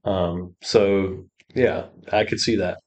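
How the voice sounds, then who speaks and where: A man's voice: low-pitched, fairly even intonation, slow, a little mellow. A man co-hosting a podcast, talking about a film in a hesitant way with many restarts. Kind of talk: casual film discussion.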